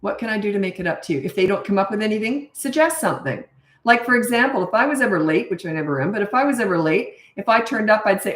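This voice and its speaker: A woman's voice: medium pitch, expressive, quick pace. A middle-aged woman coaching parents in a blunt, emphatic way, laughing at herself now and then. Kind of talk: casual advice monologue. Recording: echoey room.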